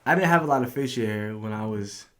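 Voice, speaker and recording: A young man in his twenties from New York, a podcast guest telling stories in a relaxed slang-heavy way, now and then acting out someone yelling. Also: on the low side, quick pace. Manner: laid-back slang-heavy storytelling, acts out drill sergeants yelling. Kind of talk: casual chat.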